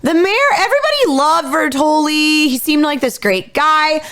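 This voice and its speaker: A woman in her thirties recounts a true-crime story on a podcast, chatty and loose with fillers and the odd swear word. Her voice comes through smooth and clear. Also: fairly high pitch, a bit bright. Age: 30s. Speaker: podcast co-host.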